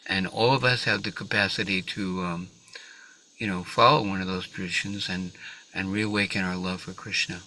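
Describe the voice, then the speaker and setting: Man giving a temple class, lowish voice, bright tone, hesitant, fillers. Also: steady tone, moderate pace, a little hiss or hum, poor audio. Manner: hesitant starts, many fillers. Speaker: class speaker. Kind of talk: storytelling talk in a religious class. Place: temple hall.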